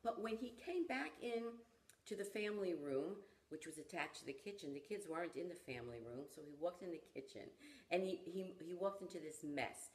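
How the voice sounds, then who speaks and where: A low-pitched woman recounts a story in conversation, bringing the people in it to life with expressive delivery. As a parenting teacher, she speaks in a deep, grounded tone. The room adds a noticeable echo around her voice. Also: brisk, slight background noise. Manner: animated storyteller who acts out the people in her stories. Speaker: parenting educator. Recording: roomy echo.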